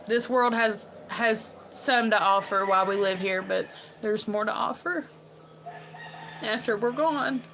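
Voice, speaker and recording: A woman's voice: mid-range voice, a bit bright, slight background noise, rough recording. A woman talking casually on her own livestream, rambling and earnest with many ums and restarts. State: tearful at times. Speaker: livestream host. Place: farm home.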